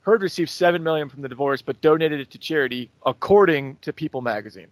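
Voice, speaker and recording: A man's voice: on the high side, fast, dry recording. Casual young male podcast co-host. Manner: recapping a timeline, loose and profane. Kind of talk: casual chat.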